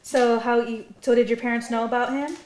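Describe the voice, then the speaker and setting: A woman's voice: a little high, steady tone, brisk, darkish tone, echoey room, slight background noise, poor audio. A woman guest in casual chat who backs others up with "mm-hmm" and asks questions. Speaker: podcast guest.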